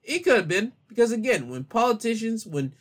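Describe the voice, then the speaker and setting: A man reading out a news story and then commenting on it in a slangy, animated way. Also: sits high, a little fast. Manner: animated, exclaiming and laughing at the story; slangy, informal talk.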